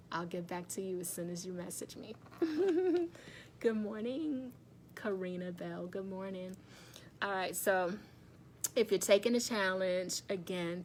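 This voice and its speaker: A woman's voice: on the low side, darkish tone, slight background noise. A woman hosting a casual live stream, chatting with viewers, laughing often and greeting commenters by name. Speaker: wellness livestream host. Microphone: phone or webcam facing her.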